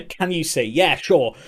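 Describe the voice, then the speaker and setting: A man's voice: fairly high pitch, breathy edge. Candid young man streaming. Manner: rambling and candid, swearing, laughing often. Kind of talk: casual chat.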